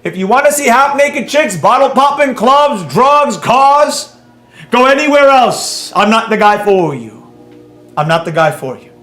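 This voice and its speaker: A man's voice: extremely high pitch, expressive, measured pace, a bit bright, reverberant. A man teaching a live trading class in a brash, mocking, rambling way, with faint music behind. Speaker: trading instructor.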